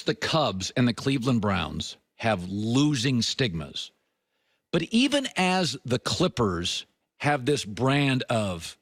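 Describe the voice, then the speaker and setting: A middle-aged man hosting a sports talk show, delivering an opinionated monologue with emphatic swings between punchy high lines and low, confiding asides. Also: a bit bright, breathy edge, dry recording, studio quality.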